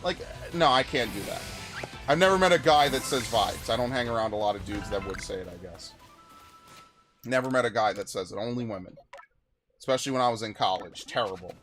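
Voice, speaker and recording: A gaming YouTuber talks a little fast in a medium-pitched male voice, delivering profane, ranting let's-play commentary and reacting to comments from chat. Game music plays in the background.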